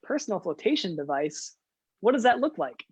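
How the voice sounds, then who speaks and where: A man's voice: sits high, very animated, moderate pace, breathy edge, no echo, low-quality recording. A man hosting a scouting den meeting for young kids, upbeat and leading activities with frequent "uh" fillers.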